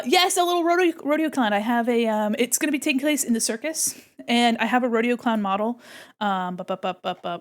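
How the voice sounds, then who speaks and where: Bubbly woman streamer chatting with viewers. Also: on the high side. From United States. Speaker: streamer and illustrator. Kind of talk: casual live-stream chat while drawing.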